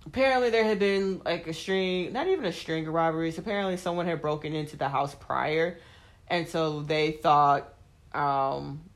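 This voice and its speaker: A woman talks casually as a host, spinning a story with blunt, profane asides. She fills her sentences with "like" and slips into lively voices when she acts out what others said. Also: low-pitched, moderate pace. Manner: blunt, profane, vents with heavy "like" fillers; acts out quoted people in animated voices.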